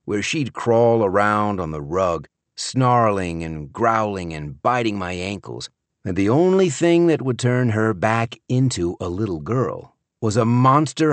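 A man narrating an audiobook in the first person, with an expressive, wry storytelling manner. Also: fairly low pitch, no echo.

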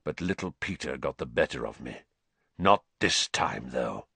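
A man voicing a gaunt, vengeful escaped male prisoner with a growling, croaking voice. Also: very deep voice, lively intonation, measured pace, pushed and bright, no room sound, pitched below the performer's own voice, full character voice. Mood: menacing.

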